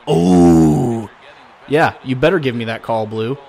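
Casual gamer guy, middle-pitched, drawn-out delivery, jokey, muttering then yelling at the game. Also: creaky. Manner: excitable, jokey, swings between muttering and loud outbursts. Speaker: gaming commentator. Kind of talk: casual gameplay commentary.

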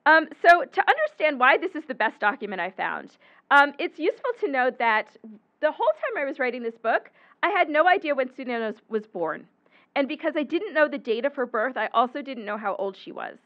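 A woman's voice: high-pitched, very animated, fairly quick. A woman historian giving an explanatory book lecture about her research, with occasional ums and self-corrections. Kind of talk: academic lecture with slides. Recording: muffled lecture recording.

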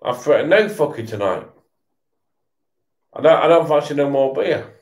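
A man's voice: on the high side, lively intonation, moderate pace, darkish tone, roomy sound. A tipsy man, swearing and stammering through a casual rant while he watches football. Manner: swearing, repetitive, stammering restarts. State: tipsy from beer.

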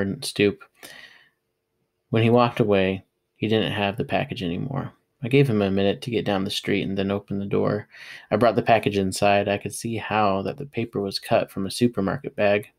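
A man with a low voice reads a novel aloud. He tells the story in a steady, plain way, letting the narration carry without fuss. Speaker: audiobook reader.

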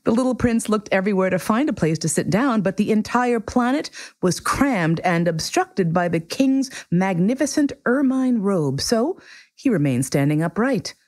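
A woman reading a children's book aloud in an animated, theatrical way. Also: medium pitch, normal speed, dry recording. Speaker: reader. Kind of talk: expressive storybook reading.

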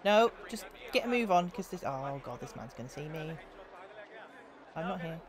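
A woman's voice: deep voice, sing-song, normal speed, crowd noise. A young woman streaming a video game, chatting and giggling with her viewers as she plays. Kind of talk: casual gameplay commentary.

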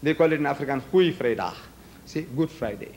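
A man's voice: mid-range voice, expressive, fairly quick, darkish tone, slight background noise. An older man with a South African accent giving a public debate speech, asking rhetorical questions and acting out both sides of an argument.

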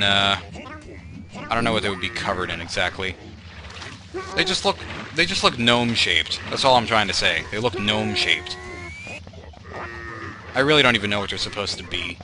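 A young man giving meandering, self-deprecating commentary over gameplay, full of fillers and tangents. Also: lowish voice. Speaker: let's play commentator. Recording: game music playing behind. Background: game music.

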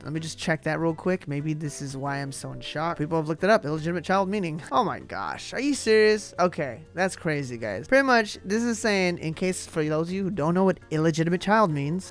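A man's voice: a little high, a bit bright. A man from California hosting a video, reacting to odd laws with joking, incredulous casual commentary aimed at his viewers. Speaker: YouTube host.

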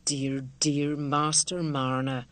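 A woman with a fairly low voice reads an audiobook part at normal speed, lightly acting a simple, devout, middle-aged village wife. She speaks in homely rural dialect, earnest and motherly. It's a dry recording.

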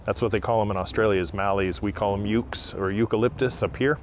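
A man's voice: lowish voice, steady tone, quick pace, a little hiss or hum. Folksy man at a plant nursery. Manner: folksy, chatty, with frequent fillers. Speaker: landscaping channel host. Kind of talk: casual how-to vlog.

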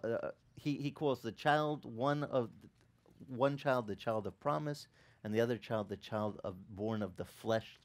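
A middle-aged man preaching a sermon as pastor, telling the story with animated acted-out quotes and laughter. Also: fairly low pitch.

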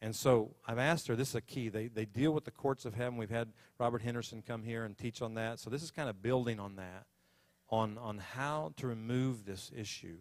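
A pastor stands in a church sanctuary, presenting a guest speaker before launching into an increasingly fervent prayer over her. He has a mid-range voice and talks at a slightly quick clip, with no room sound audible.

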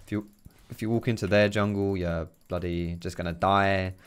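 A man's voice: low-pitched, steady tone, moderate pace, smooth. A man giving casual commentary while playing a video game, chatty, swearing and chuckling often. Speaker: gaming video creator.

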